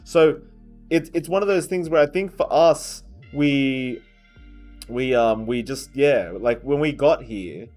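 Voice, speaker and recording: A man's voice: mid-range voice, takes it slowly, a little mellow, faint music behind. A man co-hosting a podcast as an esports caster, in casual, rambling chat with a lot of restarts and some swearing, sounding tired. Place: hotel conference room.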